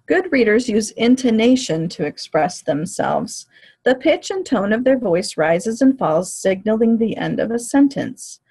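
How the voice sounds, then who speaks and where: A woman giving a lecture on teaching reading, in a clear, measured, explanatory way. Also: on the high side, sing-song, warm tone. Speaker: teacher educator.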